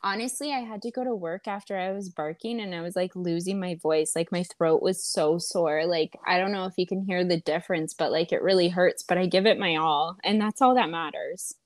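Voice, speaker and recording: A woman's voice: fairly low pitch, fairly quick, hardly any pauses, dry recording. A young woman co-hosting a podcast, bantering casually with sarcastic jokes and frequent swearing. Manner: joking, sarcastic, swears freely. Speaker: podcast co-host.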